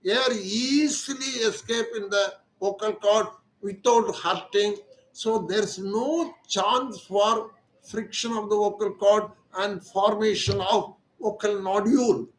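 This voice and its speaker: An older man with an Indian English accent, an ENT surgeon giving a slow, deliberate talk that repeats its key words. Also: sits high, fairly even intonation, reverberant, low-quality recording. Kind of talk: lecture-style explanation.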